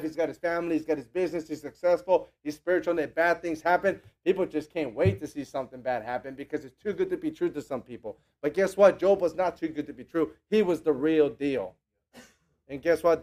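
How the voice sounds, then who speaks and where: A man preaching a sermon in an animated, conversational way, acting out the people he quotes. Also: on the high side.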